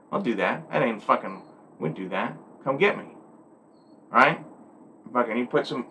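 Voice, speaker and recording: A hunting guide talking candidly to the camera in a blunt, rambling, profane way. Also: male voice, fairly high pitch, sharp tone. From Alaska.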